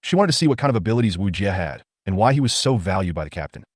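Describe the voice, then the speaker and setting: A man reads a manga recap at a rapid clip, his low voice rising and falling with lively inflection. His delivery is a brisk, steady storytelling read, and the sound is dry and close, with no room around it. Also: no echo. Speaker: narrator.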